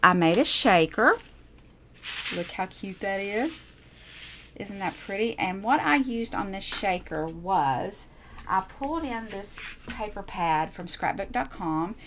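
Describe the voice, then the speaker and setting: A woman's voice: medium pitch, expressive, slow, noisy background. A woman chatting casually as she shows off her handmade crafts, gushing and repeating herself. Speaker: crafting channel host. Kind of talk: casual show-and-tell crafting chat.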